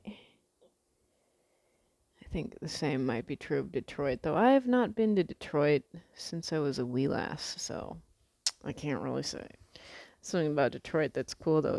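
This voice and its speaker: A woman's voice: very deep voice, creaky, a little mellow, no echo. A young woman from the Midwest chatting casually to camera as a vlogger, rambling with lots of fillers and the odd swear word.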